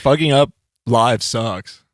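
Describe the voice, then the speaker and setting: A relaxed man chatting on a podcast about gigs and dreams, his sentences drifting off and restarting. His mid-pitched voice sounds dry and close-miked. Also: takes it slowly, no echo. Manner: laid-back, trailing off and hedging mid-sentence. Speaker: band member and podcast co-host. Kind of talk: casual podcast chat.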